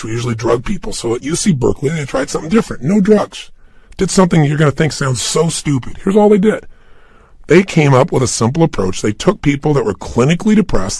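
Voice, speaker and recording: A middle-aged man delivering a motivational talk, husky and slightly raised in pitch, his intonation swinging widely as he presses each point home. He speaks emphatically and directly to the listener, standing at a studio microphone, and the sound is close and dry with no room echo. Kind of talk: motivational talk for an audio program. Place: recording room, unscripted and standing.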